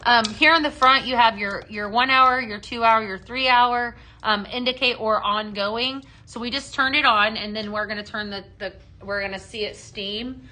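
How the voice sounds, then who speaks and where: Bright-voiced gushing woman selling live. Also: on the high side, moderate pace, hardly any pauses. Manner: gushing, many ums, reads out viewer comments. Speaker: live shopping show host. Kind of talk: live product demo chat.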